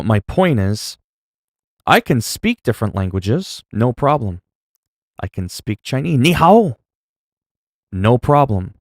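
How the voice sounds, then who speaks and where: A man's voice: fairly low pitch, no echo, clean studio sound. A man livestreaming and chatting casually while gaming, opinionated and rambling, swearing freely.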